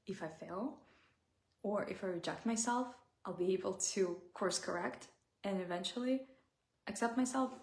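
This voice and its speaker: Heartfelt woman with a gravelly edge. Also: medium pitch, echoey room. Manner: heartfelt, pausing to search for words. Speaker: self-help speaker. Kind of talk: reflective personal talk.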